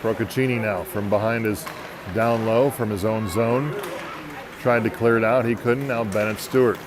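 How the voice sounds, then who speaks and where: A man's voice: lowish voice, steady tone, normal speed, noisy background. A man doing live play-by-play for an amateur hockey game, folksy and joking between plays.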